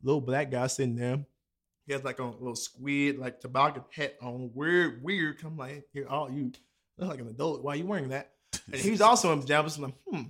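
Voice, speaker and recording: A young man tells friends a story in casual conversation, animatedly acting out the voices of the people in it and swearing freely. His voice sits at medium pitch and moves a little fast.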